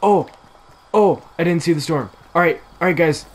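Excitable, goofy gaming host. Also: male voice, on the high side. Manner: excitable and goofy, with quick bursts of exclamations. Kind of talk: casual gameplay commentary.

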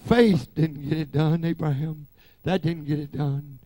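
An older pastor preaching a revival sermon. He swings between low murmured stretches and shouted, rising exhortation. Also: steady tone, a little slow, no room sound.

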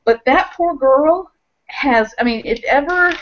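A woman co-hosting a casual podcast chat, retelling scenes in an animated way with lots of fillers and restarts. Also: high-pitched, measured pace. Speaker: podcast co-host. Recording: dull lo-fi podcast audio.

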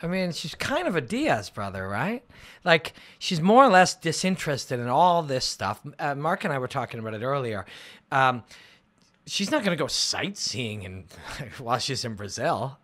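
A man hosting a casual livestream chat about fights, rambling and excitable, with lots of fillers. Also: mid-range voice, moderate pace. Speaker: MMA analyst and show host. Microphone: phone and computer livestream.

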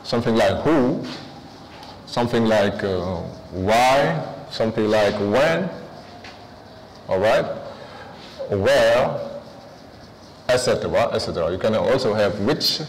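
A man's voice: on the low side, expressive, slow pace, long pauses, big-room sound, a little hiss or hum, rough recording. A man teaching an English review lesson, switching between English and with frequent fillers.

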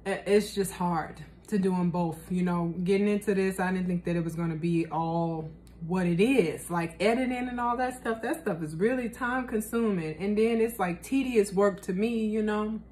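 A woman's voice: mid-range voice, steady tone, moderate pace, a little mellow, a little hiss or hum. A young woman chatting casually in a cooking vlog, slangy and talkative, tasting her food as she talks. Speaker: vlogger.

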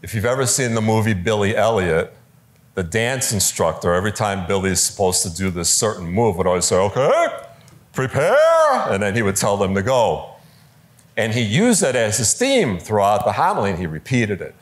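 A man giving a conversational talk on preaching to a live audience, lively, with fillers and quoted voices, in a large room. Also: lowish voice, fairly quick. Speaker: speaker teaching preachers.

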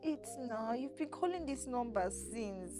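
Nollywood mother: a tearful, desperate mum, high voice, faint music behind. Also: animated, unhurried. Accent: Nigerian. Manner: pleading, tearful. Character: distraught mother searching for her missing daughter.

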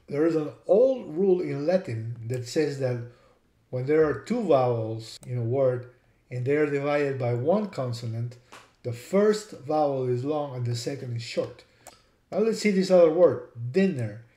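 A man's voice: mid-range voice, dark tone, reverberant. A man teaching a lesson, spelling out words and repeating sounds to demonstrate. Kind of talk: explanatory lesson.

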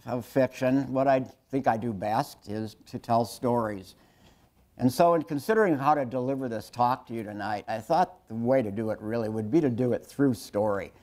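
A man in his sixties giving a public lecture told through stories, wry and self-deprecating, often halting and restarting his sentences. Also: mid-range voice, darkish tone. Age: 60s. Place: lecture hall with an audience.

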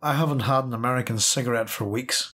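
A man's voice: mid-range voice, fast, a bit bright, lightly acted. A man voicing a tough, weary woman survivor who asks curtly, barely changing his own voice. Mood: demanding.

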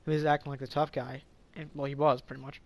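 A man's voice: medium pitch, flat delivery, fast talker, darkish tone. A man casually telling a story from his school days, rambling with lots of fillers, swearing, and frequent stumbles and restarts. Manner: rambling, filler-heavy, profane. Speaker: vlogger.

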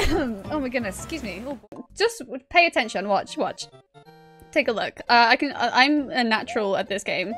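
Giggly high-voiced woman streamer. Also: expressive, moderate pace, over music. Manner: giggly, chatty, talks back to game characters. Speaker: gaming streamer. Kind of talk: casual live-stream commentary while playing.

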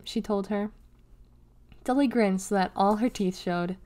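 A woman reading a children's novel aloud, acting out the dialogue with raised pitch, loud calls and whispers. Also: measured pace. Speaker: reader.

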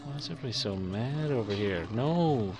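A man's voice: medium pitch, animated, fairly quick, background noise. A young man giving playful let's-play commentary, chatting to the creatures on screen as he plays. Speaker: gaming YouTuber.

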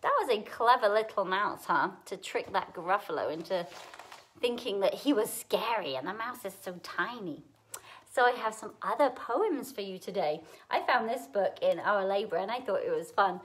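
A woman librarian leading a preschool story time in a library, gentle and encouraging, asking the children questions. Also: mid-range voice, lively intonation, moderate pace.

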